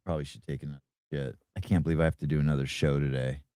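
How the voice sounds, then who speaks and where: A man's voice: extremely low pitch, level tone, very fast, dark tone, dry recording, studio quality. A man hosting a podcast in casual chat, speaking offhand and muttering to himself as he reads comments. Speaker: podcast host.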